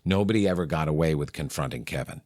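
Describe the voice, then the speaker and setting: Middle-aged New England man, deep low voice, radio host spinning lively anecdotes, dry close mic. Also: fast talker, dry recording. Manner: animated anecdotes, acting out quoted exchanges. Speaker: radio morning show host, podcast guest. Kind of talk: candid storytelling in a conversation.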